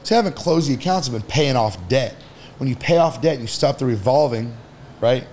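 A man's voice: mid-range voice, lively intonation, a little fast, a little mellow, slight background noise. A man on a podcast as an entrepreneur guest, talking casually and bluntly, with some swearing, while he gives advice. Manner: blunt, profane, advice-giving.

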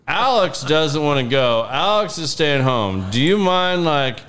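A man's voice: on the high side, big pitch swings, slow pace, a bit bright. A man telling a long story in casual podcast chat, rambling with lots of fillers and acting out what people said. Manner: rambling, many fillers, acts out quotes. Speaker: podcast guest.

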